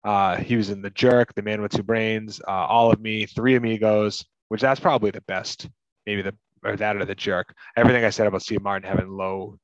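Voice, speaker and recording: Man from Massachusetts, podcast co-host, low-ish voice, chatty and filler-heavy, slightly muffled dry recording. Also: steady tone, brisk, dry recording. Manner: rambling, lots of fillers like "like" and "you know". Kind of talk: casual movie podcast chat.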